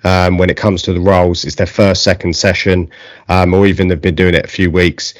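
A man with an Essex accent hosting a casual interview, chatty and relaxed with plenty of fillers. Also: low-pitched, a little fast, dry recording, studio quality. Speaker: podcast host.

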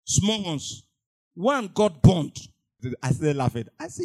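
A man preaching a sermon, emphatic and repetitive, moving between quiet asides and loud cries. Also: mid-range voice, big pitch swings, slow.

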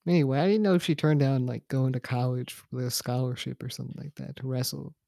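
Man, podcast co-host, casual rant, fry in the voice, dark tone. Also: mid-range voice, fairly even intonation, quick pace, no room sound, studio quality. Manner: laid-back, swears, ranting. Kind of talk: casual wrestling podcast chat.

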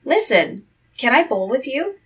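A woman's voice: high voice, very animated, measured pace, breathy edge, far from the mic, pitched above the performer's own voice, full character voice, low-quality recording. A woman reading a storybook aloud and voicing a fearless, cheerful young man who cannot learn to shudder, in a bold and breezy manner.

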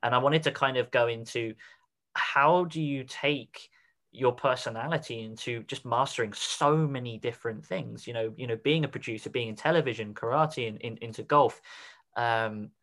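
A man hosts a casual interview podcast, his voice sitting at an ordinary middle pitch. He rambles through long examples before reaching his question. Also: moderate pace, fairly bright tone. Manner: rambling, explains with examples and put-on quotes. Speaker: podcast host.

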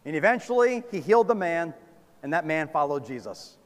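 A man preaching a sermon, swinging from loud calls down to hushed, low lines. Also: animated, fairly quick. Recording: long hall reverb.

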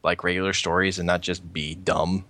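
A man's voice: low voice, flat delivery, moderate pace, sharp tone, no echo. A man co-hosting a podcast, chatting casually and rambling with frequent restarts. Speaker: podcast co-host. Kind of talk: casual chat.

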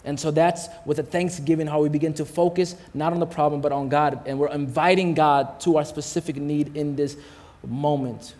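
A man's voice: a little high, fairly even intonation, moderate pace, a little mellow. A man preaching a sermon in a casual, slangy way, calling out to the congregation, hot and sweating as he talks. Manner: casual, slangy preaching with call-outs to the crowd. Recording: long hall reverb.

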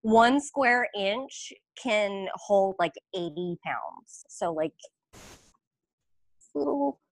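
A woman's voice: drawn-out words, no echo. A woman guest chatting casually and expressively, explaining aerial hammocks and telling stories. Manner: bubbly, expressive talker with big pitch swings. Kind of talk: casual chat.

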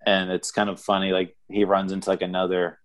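A man with a notably low voice co-hosts a casual film podcast. He talks loosely, circling back with fillers and restarts as he recalls scenes. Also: monotone, a little fast. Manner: rambling, many fillers and restarts. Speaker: podcast co-host. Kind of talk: casual movie review chat.

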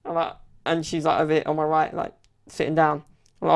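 Telling rambling stories with plenty of fillers, a man hosts his own podcast in a casual style. His fairly high, creaky voice is completely flat in delivery and brisk in pace.

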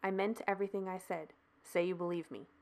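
A woman's voice: on the low side, fairly even intonation, a little fast, darkish tone, natural voice. A woman voicing an intense, sincere man who talks earnestly and reassuringly.

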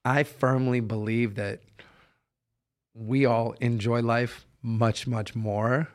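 A man's voice: medium pitch, steady tone, takes it slowly. A man hosting a heart-to-heart interview, telling stories in an earnest, upbeat way. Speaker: podcast host.

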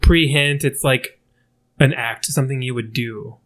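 A man's voice: mid-range voice, measured pace, a bit bright. An American man hosting a casual podcast chat over drinks, joking and laughing often. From United States. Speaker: podcast host.

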